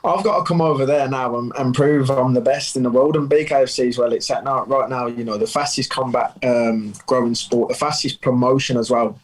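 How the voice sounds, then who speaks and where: A man's voice: mid-range voice, fairly even intonation, a little fast, few pauses, poor audio. A man from England, a guest fighter speaking plainly in a remote interview.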